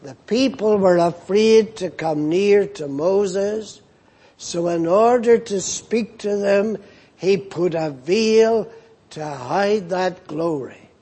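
Male preacher, high husky voice, unhurried Bible teaching with repeated key phrases. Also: dark tone. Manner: slow, deliberate, repeats phrases for emphasis. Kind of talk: sermon, Bible exposition.

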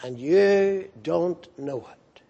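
Male pastor, slow and deliberate sermon delivery, husky tone, earnestly rebuking. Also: on the high side, animated, warm tone, dull audio. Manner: earnest, rebuking, emphatic repetition.

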